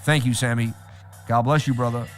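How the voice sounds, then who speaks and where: A man hosting a live trading stream, talking straight to his chat in an animated, repetitive way. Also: medium pitch, normal speed, soft background music. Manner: animated, repeats himself, talks straight to chat. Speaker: livestream host. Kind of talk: casual livestream chat.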